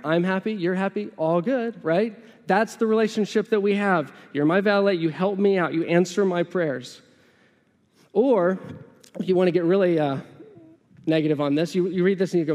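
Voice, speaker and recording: A man's voice: high voice, moderate pace, a little mellow, long reverb tail. A man preaching a conversational sermon as pastor, acting out what his listeners might think. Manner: conversational, acts out listeners' inner voices.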